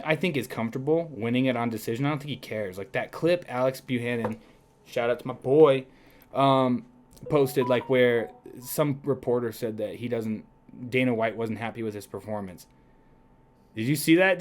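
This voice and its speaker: Guy cohosting a podcast, mid-pitched, worked up and swearing a lot, does quick goofy voices. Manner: excitable, swears freely, slips into quick mock voices. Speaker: podcast co-host. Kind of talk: casual podcast chat.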